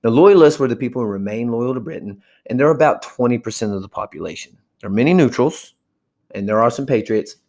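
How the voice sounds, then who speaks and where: A man's voice: mid-range voice, a little mellow. A man giving a casual history lecture, chatting and briefly acting out historical figures. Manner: chatty, acts out historical figures in quick asides. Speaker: history teacher.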